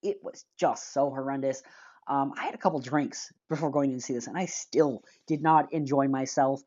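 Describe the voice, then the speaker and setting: A woman's voice: extremely low pitch, moderate pace, a little mellow, highs cut off. A woman giving a casual movie review, blunt and rambling, sighing and groping for names.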